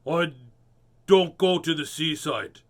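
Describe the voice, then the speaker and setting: A man's voice: fairly high pitch, fairly quick, creaky, pushed and bright, breathy edge, heavily acted. A man reading a storybook aloud, voicing a cross, grumbling office boss.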